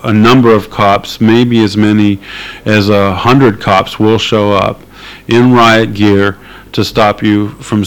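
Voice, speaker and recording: A man with a lowish voice answers an interviewer at length. His talk is loose and unscripted, full of ums, restarts and dry little laughs. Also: smooth, poor audio. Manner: rambling, hesitant with many fillers, wry laughs. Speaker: activist interviewee. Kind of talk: casual spoken interview.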